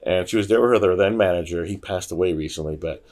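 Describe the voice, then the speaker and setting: Talking fast in a low-pitched voice, a man appearing as a podcast guest shares casual stories. He animatedly mimics the voices of those he quotes.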